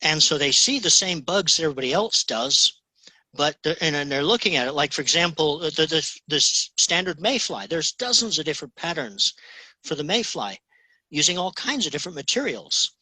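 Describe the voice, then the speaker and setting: A man's voice: on the high side, animated, a little fast, sharp tone, no echo, low-quality recording. A man telling stories as an interview guest, rambling with many restarts and often asking "okay?". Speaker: guest, fly tier. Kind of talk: casual interview chat.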